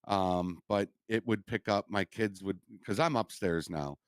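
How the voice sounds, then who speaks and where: Easygoing low-voiced man hosting. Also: unhurried, smooth, dry recording, clean studio sound. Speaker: host. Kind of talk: casual chat.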